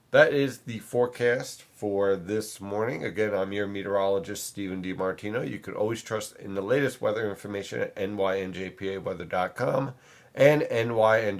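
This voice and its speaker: Man, meteorologist, weather forecast, lowish voice, emphatic. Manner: emphatic, repeats points for clarity.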